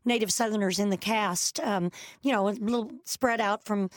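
A woman's voice: mid-range voice, moderate pace, no echo. Woman, Southern accent, from Texas, stage actress, enthusiastic, dry close sound. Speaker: touring musical actress. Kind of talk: radio interview.

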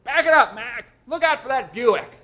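A man voicing a loud, bossy male parking lot attendant in a read-aloud story. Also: fairly high pitch, sing-song, normal speed. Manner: bossy, barking.

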